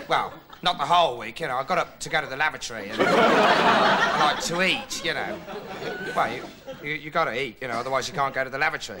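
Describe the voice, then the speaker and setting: An actor playing a dim, rambling young male TV investigator in a sketch comedy monologue, deadpan, jumping up high when he quotes people. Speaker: comic character monologue. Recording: noisy old TV recording with loud studio audience laughter. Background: studio audience laughing.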